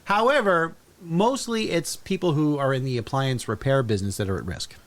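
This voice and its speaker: A man's voice: fairly high pitch, normal speed. A man, co-hosting a casual podcast and running through household safety facts in a matter-of-fact way. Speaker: podcast co-host. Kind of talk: casual chat.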